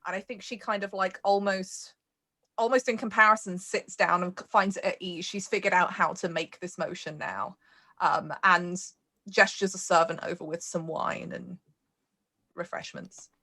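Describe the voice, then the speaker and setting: A woman's voice: on the low side, fairly even intonation, normal speed, pushed and bright. A woman player describing her character's actions in a tabletop role-playing game, thoughtful and repeating words as she goes.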